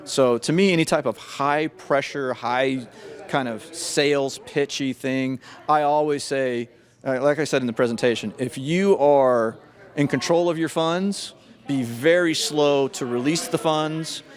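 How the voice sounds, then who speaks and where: Questions about scams are put to a middle-aged FBI agent, and he answers at medium pitch in a thoughtful, deliberate way, frequently starting over mid-sentence.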